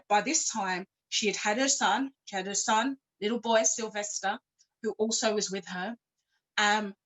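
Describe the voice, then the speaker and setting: A woman's voice: fairly high pitch, fairly bright tone, rough recording. A woman, speaking at a conference and telling a story in a conversational way, with frank personal asides and self-deprecating humor. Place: church hall.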